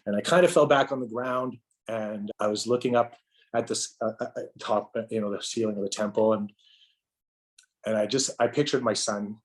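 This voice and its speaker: A middle-aged man with a fairly low voice recounts a personal experience on a podcast. He talks haltingly, doubling back on words and leaning on fillers as he works through the story. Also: fairly even intonation. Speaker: podcast guest.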